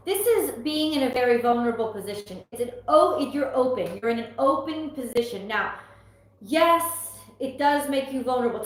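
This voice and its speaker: A woman from the US East Coast giving a casual live tarot reading, chatty, laughing often and exclaiming as the cards come up. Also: fairly high pitch. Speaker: tarot reader on a livestream. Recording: very echoey room.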